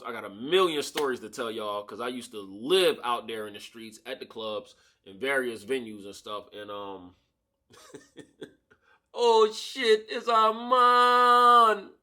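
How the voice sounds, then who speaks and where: A man telling a story in a casual storytime vlog, slangy and animated, acting out the people in the story, recorded on a camera-mounted shotgun mic. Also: medium pitch, normal speed. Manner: animated, slangy, acts out the voices of people in his stories.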